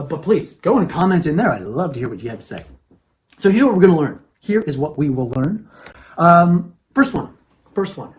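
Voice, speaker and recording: A man's voice: on the high side, darkish tone, a little hiss or hum. A man casually presenting an astronomy lesson on a livestream. He talks in a chatty way, repeats phrases and keeps checking in with "okay?".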